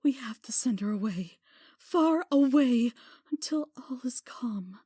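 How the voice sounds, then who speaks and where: A young mother mare, desperate and pleading, her words often falling to a hush, as a woman acts her out. Her voice is high, and it sounds dry and close, in an audio drama. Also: lively intonation, measured pace, no room sound. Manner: urgent, pleading, often hushed. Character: distraught young mother mare, pegasus brigade leader. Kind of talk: fan audio drama acting.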